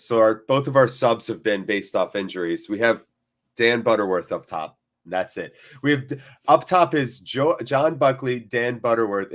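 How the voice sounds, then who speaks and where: Man hosting a jokey live football stream. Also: mid-range voice. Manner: jokey and off-the-cuff, swears freely; reacts to the match between chat replies. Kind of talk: casual live-stream chat, reading viewer comments.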